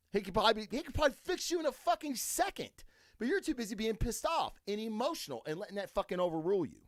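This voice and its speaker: A man hosting a solo podcast in a casual, profane rant that swings from low mutters to loud, high, emphatic bursts. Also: sing-song, fast talker, no echo, clean studio sound. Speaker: podcast host.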